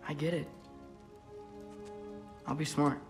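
An earnest teenage boy in a video game, gentle but determined. He talks slowly, his voice sits a little high, and music plays behind him. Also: little pitch movement.

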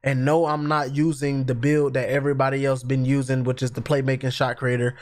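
A man's voice: mid-range voice, little pitch movement, fairly quick. A man, a gaming YouTuber, gives hyped, chatty live gameplay commentary and talks straight to his viewers. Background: music.

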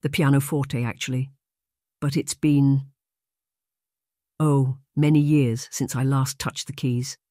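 A narrator voicing a careful young governess. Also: female voice, a bass voice, level tone, no echo, studio quality. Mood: wistful. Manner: measured, soft-spoken, choosing words with care. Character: composed young adult woman governess, gentle and careful. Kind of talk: audiobook reading.

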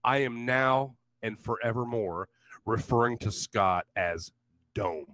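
A young man ranting loudly on a live stream, swearing constantly and laughing in mockery. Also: mid-range voice, slow pace, no room sound. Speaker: livestream host.

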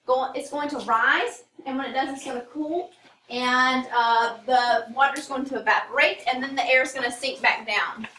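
A woman's voice: high-pitched, steady tone, normal speed, pushed and bright, a little hiss or hum. A woman teacher giving a casual classroom lecture, full of fillers and asides. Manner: casual, rambling, many fillers. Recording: echoey classroom from a distance.

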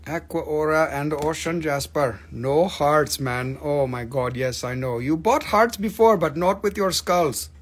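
A fairly high-voiced man runs a live crystal sale. He jokes and teases his viewers, swears casually, and rattles off prices between the gags. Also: measured pace, hardly any pauses, husky. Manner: joking, teasing, swears casually. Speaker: live-stream crystal seller. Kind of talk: joking live sales stream.

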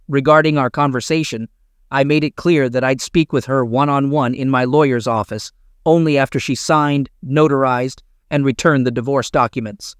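A man reading a first-person story aloud as a narrator, in a steady, even storytelling manner, on a close mic. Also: mid-range voice, normal speed, clear, resonant tone, no echo.

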